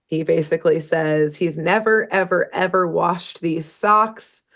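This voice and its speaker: Her pitch is fairly low and her tone fairly bright, and she keeps a measured pace. As a podcast co-host she casually recaps a cartoon episode, rambling and joking with plenty of laughs and asides.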